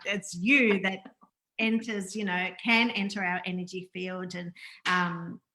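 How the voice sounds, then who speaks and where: A woman's voice: lowish voice, flat delivery, takes it slowly, sharp tone. A woman hosting a casual spiritual interview over a video call, effusive and rambling as she reads aloud and praises her guest. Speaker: interview host.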